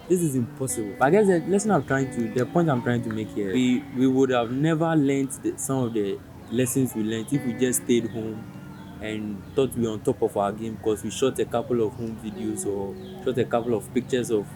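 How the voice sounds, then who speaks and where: A man vlogger telling a personal story in an earnest, reflective way, sometimes restarting and repeating himself. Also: medium pitch. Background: music.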